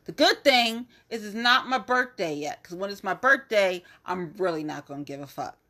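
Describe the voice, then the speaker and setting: A woman's voice: mid-range voice, animated, moderate pace, pushed and bright. A woman hosting a podcast, ranting in a blunt, profane and exasperated way in a casual monologue. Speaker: podcast host.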